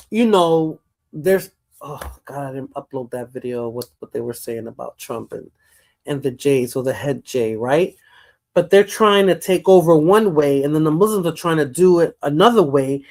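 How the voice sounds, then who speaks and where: A woman's voice: deep voice, darkish tone. A woman with a New York accent hosting a casual live stream chat, rambling and repeating words as she talks. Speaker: livestream host.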